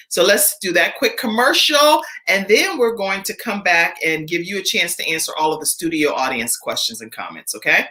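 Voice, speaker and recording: Bright, upbeat woman hosting a live show. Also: lowish voice, expressive, moderate pace, hardly any pauses. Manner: upbeat, chatty, reads sponsor plugs. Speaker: show host.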